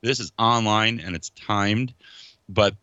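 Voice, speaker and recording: A man hosts a relaxed podcast chat, talking in long, rambling runs that get animated. His voice sits a little low but sounds bright and forward. The sound is close and dry, with a slightly dull, muffled edge. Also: slow, no room sound. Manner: rambling, animated, yells to family off-mic. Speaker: podcast host. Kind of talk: casual chat.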